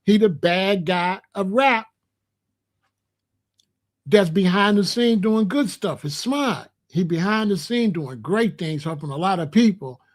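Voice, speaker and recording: A man's voice: high voice, expressive, a little slow. A man giving opinionated commentary in a vlog, talking emphatically, repeating himself and using slang. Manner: emphatic, repetitive, slangy, preachy. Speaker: rap commentator.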